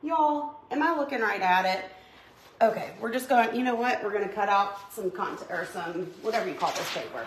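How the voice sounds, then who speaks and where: In an echoey room with faint noise behind her, a middle-aged craft host chats with viewers while she works at home, welcoming each by name. She speaks a little fast, at a medium pitch, and sounds expressive.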